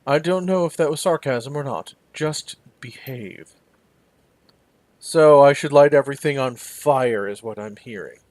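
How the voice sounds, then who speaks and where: A man's voice: mid-range voice, a little slow, darkish tone, dry recording. Man reading game text, dry close mic. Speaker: let's play host. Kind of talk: reading game narration aloud.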